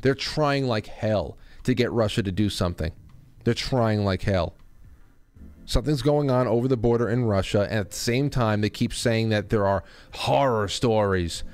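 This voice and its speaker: A man's voice: on the low side, normal speed, a little mellow, clear, resonant tone. A male host giving angry, insulting, sarcastic political commentary, ranting about news clips.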